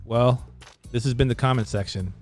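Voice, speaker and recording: A man hosting a podcast, telling a long crude joke in a casual, animated way. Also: mid-range voice, normal speed, soft background music. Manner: animated storyteller with crude humor. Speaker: podcast host.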